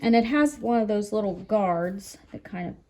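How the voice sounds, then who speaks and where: A woman who is a children's librarian, reading a picture book aloud and showing a craft in an expressive, sing-song way. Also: mid-range voice, moderate pace. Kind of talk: storytime read-aloud and craft demo.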